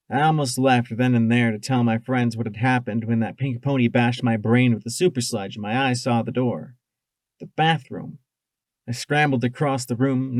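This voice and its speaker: A man's voice: medium pitch, dry recording. Man reading an emotive first-person story. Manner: emotive, shifting from tense to hushed. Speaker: audiobook narrator. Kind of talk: first-person fan audiobook narration.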